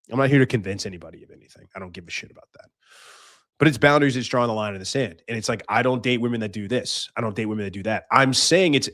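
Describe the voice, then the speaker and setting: A man hosts his own podcast in a combative, profane monologue. His voice sits at an ordinary male pitch and jumps between punchy outbursts and quieter asides. It is recorded close and dry, with no room sound. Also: no room sound. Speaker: podcast host. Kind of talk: casual monologue.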